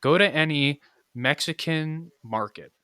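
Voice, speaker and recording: Man from the US, podcast co-host, offhand casual talk, bright voice, dry close mic. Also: fairly high pitch, unhurried, clear, resonant tone, no echo. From United States, Colorado. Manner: offhand storytelling, mild swearing.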